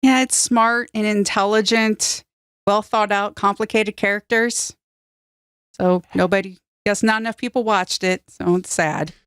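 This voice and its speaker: Woman, podcast guest, news roundup, brisk, smooth voice, dry close sound. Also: medium pitch, fairly even intonation, a bit bright, no echo.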